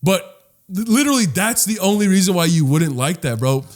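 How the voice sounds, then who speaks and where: A man co-hosting a podcast in casual chat, animated and profane, rambling with many restarts. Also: high voice, fairly quick. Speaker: podcast co-host.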